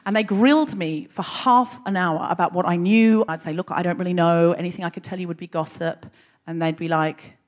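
A woman host telling a comic story live on stage into a microphone, brisk and wry, with dry asides. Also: lowish voice. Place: live stage before an audience.

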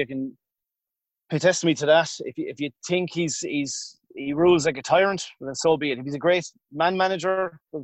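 Irish man in his 30s, podcast guest, rambling anecdotes, slightly higher voice, dry close mic. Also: no room sound. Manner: rambling, self-interrupting, colloquial. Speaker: podcast guest, former hurler. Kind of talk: casual storytelling.

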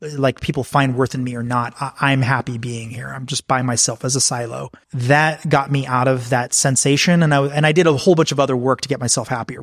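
A frank man telling stories as a podcast guest, slipping into the voices of the people he quotes. His pitch sits mid-range, and the sound is dry and close, with no room around it. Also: dry recording. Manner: frank, anecdotal, acts out quoted exchanges. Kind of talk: candid conversational storytelling.

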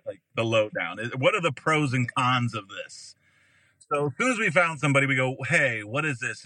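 A man's voice: mid-range voice, pushed and bright, no room sound, poor audio. An American man from Ohio, a podcast guest, telling a story casually and acting out the people in it with big jumps in his voice. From Ohio, USA.

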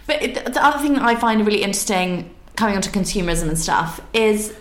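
A woman hosting a podcast, chatting casually and telling animated stories. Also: mid-range voice, quick pace, reverberant. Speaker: podcast host. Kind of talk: casual chat.

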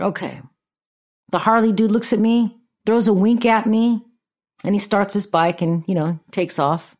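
A fairly high-voiced woman hosts her own podcast and tells a story in a casual monologue. She talks bluntly, swears freely and stays animated throughout. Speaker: podcast host.

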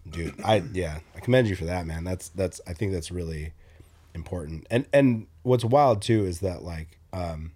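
Podcast guest, man in his 30s, very deep mellow voice, halting and supportive. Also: slightly rough. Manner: supportive, halting, many restarts. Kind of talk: casual chat.

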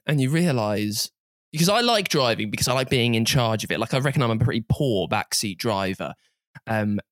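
A man's voice: mid-range voice, a bit bright, dry recording, clean studio sound. A man hosting a podcast in a casual, teasing chat, laughing often. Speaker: podcast host.

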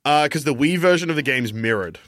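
A man's voice: on the high side, animated, fairly quick, fairly bright tone, no echo. A man co-hosting a podcast in casual chat, explaining things with dry jokes. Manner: dry joking, explains game details. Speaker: podcast co-host.

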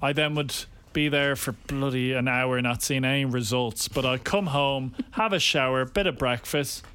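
A man's voice: mid-range voice, moderate pace, fairly bright tone, clear, resonant tone. A man with an Irish accent, a radio co-host telling stories in a wry, teasing way. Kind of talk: casual chat.

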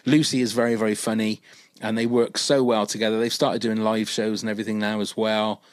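A man's voice: fairly low pitch, flat delivery, fairly quick, dry recording. A man co-hosting a podcast in casual chat, rambling and enthusiastic with many fillers. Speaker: podcast co-host.

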